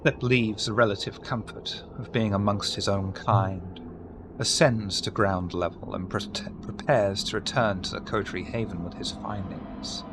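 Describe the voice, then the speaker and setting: A man narrating a tabletop role-playing game as game master, in a steady, descriptive way. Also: on the low side, measured pace, background noise.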